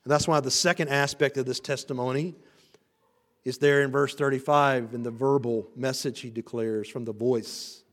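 A male pastor preaching an expository sermon, building to emphatic rising passages and then dropping low. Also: steady tone, moderate pace. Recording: reverberant hall.

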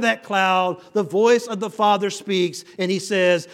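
Male pastor, expository preaching, higher register, emphatic swells; reverberant sanctuary. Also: fairly even intonation, unhurried, few pauses. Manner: builds to emphatic, rising passages then drops low. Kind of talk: expository sermon. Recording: reverberant hall.

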